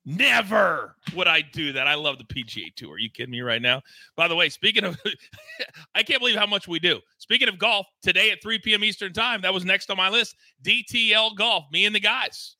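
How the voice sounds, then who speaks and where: Male betting-show host; high, piercingly bright, pumped-up promo delivery in a dry room. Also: fairly quick, no echo. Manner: hyped, promotional, emphatic. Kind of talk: energetic sports betting show chat.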